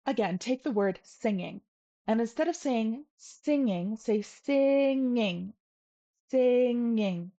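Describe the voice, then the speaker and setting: A woman teaching a video language lesson, patient and playful, repeating each sound slowly so the viewer can copy it. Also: a little high, expressive, mellow, highs cut off.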